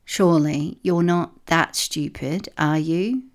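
A woman's voice: lowish voice, fairly even intonation, a little slow. A woman voicing a mean-tempered old female echidna with a snappish, scornful manner.

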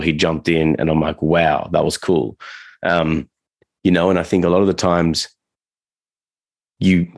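Low gravelly guy rambling about dog training on a podcast, dry close mic. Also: no echo. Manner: rambling, loose delivery with many fillers and restarts. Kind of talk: casual podcast chat.

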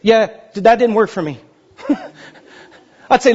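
Animated husky-voiced pastor preaching. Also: male voice, highs cut off. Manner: animated, swings from loud high exclamations to slow hushed pleading. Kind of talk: sermon.

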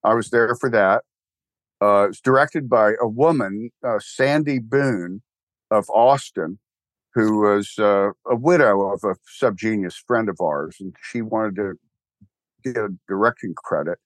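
A man's voice: lowish voice, measured pace, no echo. An older man with a Texan accent, rambling wryly in a casual interview chat, full of restarts and fillers. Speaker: guest, church co-founder.

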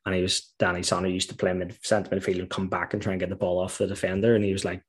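Middle-aged ex-footballer from Northern Ireland, low husky voice, animated anecdotes. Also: male voice, fast talker. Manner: animated storytelling, laughs while recalling. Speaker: former footballer guest. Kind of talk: casual interview chat.

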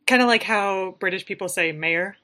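A woman's voice: mid-range voice, normal speed, pushed and bright. A woman co-hosting a casual chat, with understated, dry humor. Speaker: podcast co-host.

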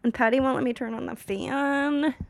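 A woman's voice: high-pitched, steady tone, normal speed, a little hiss or hum. A woman co-hosting a podcast in casual chat, joking sarcastically and slipping into silly voices. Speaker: podcast co-host.

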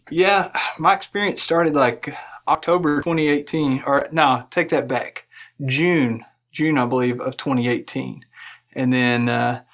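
A man's voice: on the high side, fairly bright tone. A young man with a Kentucky accent, a podcast guest telling easygoing stories about hiking and laughing often. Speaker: guest, hiker and video maker. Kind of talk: casual podcast interview.

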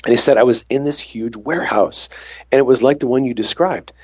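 A man's voice: medium pitch, a little fast, a little mellow, breathy edge, no room sound. A man telling a faith story from his ambulance work, acting out the dialogue as he retells it. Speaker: works on an ambulance. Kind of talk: storytelling testimony.

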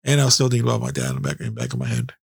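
Gravelly, profane middle-aged man. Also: mid-range voice, sing-song, rapid-fire, dry recording, clean studio sound. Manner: blunt and heavily profane. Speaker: podcast host. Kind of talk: candid personal storytelling.

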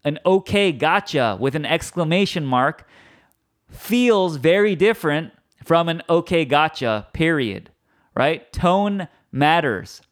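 A man preaching a sermon as pastor, conversational, checking in with "okay?" and "right?" and acting out quoted arguments. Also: a little high. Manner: conversational, asks "okay?" and "right?" often, acts out quoted spouses.

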